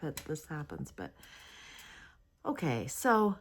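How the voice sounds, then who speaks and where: A woman's voice: low voice, wildly swooping pitch, slow. A woman hosting a crafting video, rambling chattily about a kit with many hesitations while yawning and sleepy. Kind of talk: casual product review chat.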